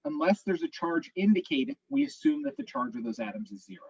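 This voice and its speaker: Slightly hoarse man teaching chemistry. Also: high voice, very animated, a little fast, a little mellow, highs cut off, slight background noise. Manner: explains step by step, methodical. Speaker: chemistry instructor. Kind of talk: online class review.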